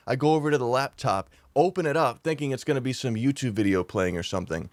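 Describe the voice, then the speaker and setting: A man's voice: mid-range voice, quick pace, few pauses, no echo, studio quality. Rambling young man telling a story. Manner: rambling, animated, laughs at himself, swears freely. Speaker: YouTuber. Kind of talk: casual storytime vlog.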